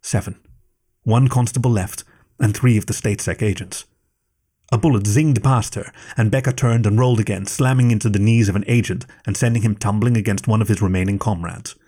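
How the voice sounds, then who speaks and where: A man reading a scripted story aloud in a steady, measured way. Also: lowish voice, slightly rough.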